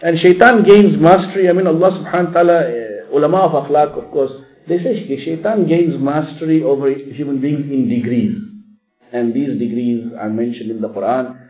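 A man preaching a sermon, reciting Arabic verses quickly and explaining them in English with emphatic rises. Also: fairly high pitch, faint music behind. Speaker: Islamic preacher. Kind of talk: sermon with Quran recitation and translation. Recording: echoey room over tinny phone-like line.

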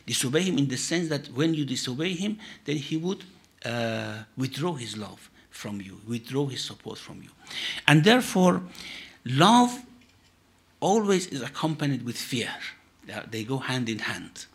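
A man, a sheikh, answering questions in a religious teaching session with measured, emphatic phrasing. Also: medium pitch, very animated.

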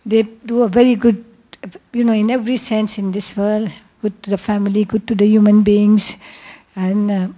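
A woman's voice: mid-range voice, little pitch movement, moderate pace, warm tone. A woman attending a religious class, asking a question politely and a little hesitantly.

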